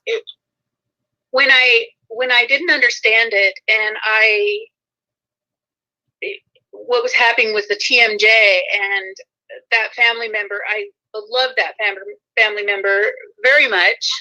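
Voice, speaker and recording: A woman's voice: a little high, fairly even intonation, measured pace, low-quality recording. A woman guest in a casual chat, earnest and giggly as she talks. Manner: warm-hearted, giggly, earnest.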